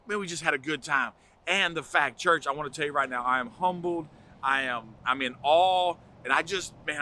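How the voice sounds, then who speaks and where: Folksy pastor man, enthusiastic announcements, bright tense voice, a bit higher than most. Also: slight background noise. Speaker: pastor giving church announcements. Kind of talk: casual church announcements video.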